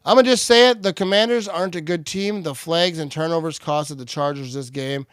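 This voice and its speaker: A man hosting a live game watch party, switching between excited play-by-play calls and relaxed chat. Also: fairly high pitch, clean tone, no room sound, studio quality. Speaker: livestream watch party host.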